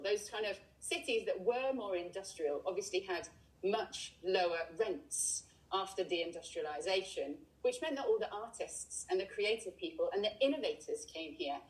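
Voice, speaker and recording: A woman's voice: lowish voice, low-quality recording. Chatty English woman guiding a tour. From England. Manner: chatty, explanatory, with frequent ums. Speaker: tour guide. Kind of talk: live walking tour chat. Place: outdoors by a river. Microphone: video call.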